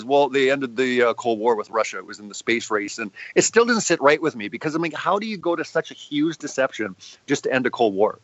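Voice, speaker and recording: A man, a guest filmmaker, talking in a casual interview and telling animated stories with quoted exchanges. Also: mid-range voice, no room sound, highs cut off. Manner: fast, animated storytelling with acted quotes.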